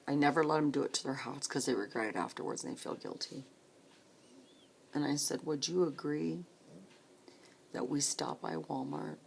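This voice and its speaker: A woman telling her own story of supporting grieving people, speaking softly and often dropping to a whisper, tearful at times. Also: deep voice, gravelly, slight background noise. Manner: soft, hushed, often breaking into a whisper. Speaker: grief support volunteer. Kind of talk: personal storytelling.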